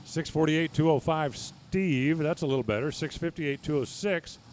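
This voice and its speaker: A man's voice: on the high side, moderate pace, darkish tone, a little hiss or hum. A man giving live drag racing commentary, reading times and speeds with folksy, joking asides.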